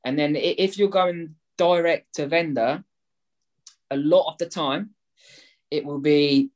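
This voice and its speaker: A man, a guest explaining his property method in an energetic way, acting out both sides of phone calls. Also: on the high side, measured pace, long pauses.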